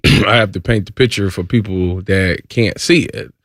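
A man's voice: deep voice, a little slow, fairly bright tone, no echo, clean studio sound. A man co-hosting a casual sports talk show, reading out a news item and reacting with short remarks. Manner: reads news aloud, chimes in with short reactions. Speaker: podcast co-host.

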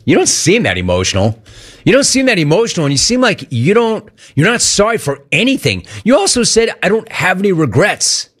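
A male sports radio host tearing into a subject with biting sarcasm. His voice sits a little high and swings widely in pitch as he mocks and scolds. He talks in a talk-radio rant. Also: a little fast. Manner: sarcastic, mocking, animated.

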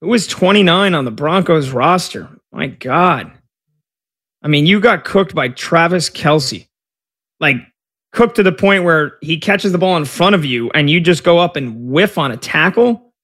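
A man's voice: a little high, animated, measured pace, a bit bright. A man hosting casual sports talk, chatty and reacting to a live game as he steers the conversation with questions. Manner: chatty, leading questions and asides.

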